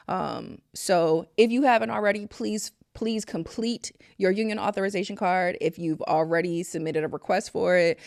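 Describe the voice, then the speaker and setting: A woman's voice: fairly low pitch, a little mellow, dry recording, clean studio sound. A woman hosting a casual talk, speaking earnestly and emphatically and repeating phrases for emphasis. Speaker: host. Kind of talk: casual direct-to-camera talk.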